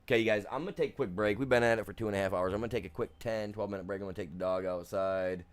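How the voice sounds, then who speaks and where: Deep-voiced american guy rambling on his game stream, telling stories and laughing at himself. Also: fairly even intonation, racing, smooth. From United States. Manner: rambling, storytelling, self-deprecating. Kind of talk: casual live-stream chat.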